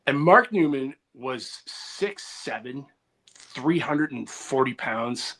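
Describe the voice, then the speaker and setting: A man's voice: medium pitch, lively intonation, takes it slowly, a bit bright. A man hosting a comedy podcast, rambling through anecdotes with restarts and acted quotes. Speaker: podcast host. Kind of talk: casual comedy podcast storytelling.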